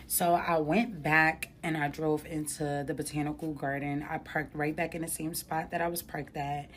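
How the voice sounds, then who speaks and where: A woman's voice: low-pitched, fairly even intonation, normal speed, few pauses, a little hiss or hum. A young woman earnestly recounting a painful personal experience in a heartfelt, colloquial way. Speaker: makeup artist. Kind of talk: emotional personal storytelling.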